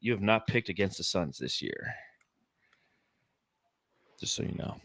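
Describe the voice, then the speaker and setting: A man's voice: low-pitched, expressive, unhurried, vocal fry, a bit bright, slightly rough, no echo, clean studio sound. A man in his forties from Phoenix, co-hosting a casual sports podcast and telling rambling, profane stories full of fillers. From Phoenix, Arizona, US. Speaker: podcast co-host.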